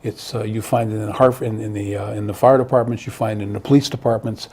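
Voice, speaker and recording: A man talks through his novel in an interview with an earnest, searching manner, circling back and repeating words as he finds his thought. His voice sits warm and mellow with a husky edge. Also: fairly low pitch, fairly even intonation, quick pace. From Connecticut. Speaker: author guest. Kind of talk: interview conversation.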